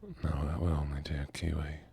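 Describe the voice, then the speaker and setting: A male streamer speaking in a put-on Southern accent, with a gravelly, chest-rumbling voice, talking slowly and softly to chat in an ASMR gaming stream. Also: flat delivery, slight background noise. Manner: slow, murmured, talks to chat while playing.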